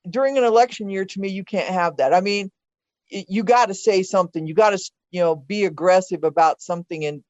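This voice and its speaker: The host's mother, an older woman with a lowish, darkish voice, speaks earnestly on the podcast about past elections, voicing strong opinions and often starting her sentences over in casual political conversation. The recording is dull and dry, with no echo.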